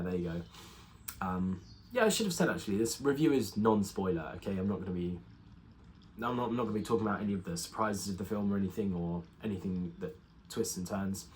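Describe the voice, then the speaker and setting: A young man with a voice on the low side gives a casual spoken film review, rambling with lots of ums, fillers, and restarts. There's slight background noise.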